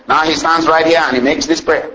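A man's voice: fairly high pitch, fairly even intonation, sharp tone, poor audio. A man preaching a sermon, reading scripture aloud and building phrases with rising and falling emphasis. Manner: rhythmic preaching with swooping rises and drawn-out phrases; reads scripture aloud in old-style wording.

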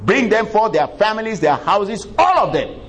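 A male preacher voicing a troubled ancient king who cries out in anguish, his voice pitched up high and strained. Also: very animated, normal speed. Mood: angry. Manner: dramatic, lamenting retelling.

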